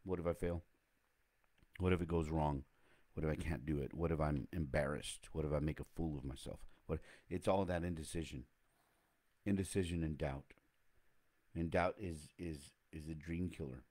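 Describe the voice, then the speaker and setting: A man's voice: a bass voice, steady tone, normal speed, a little mellow. A man hosting a casual motivational talk, rambling and reflective, often correcting himself mid-sentence.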